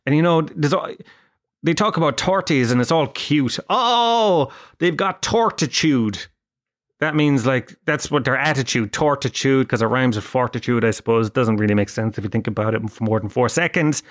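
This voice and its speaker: An Irish podcast host with a brisk, medium-pitched voice tells a rambling comic story. He's a profane, self-mocking storyteller, swearing throughout and making himself the butt of the joke.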